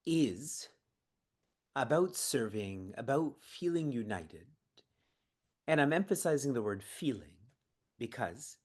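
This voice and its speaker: With a medium-pitched, slightly rough voice, a man leads online seva training from his prayer room. He keeps it engaging by putting questions to the audience and laughs between his points.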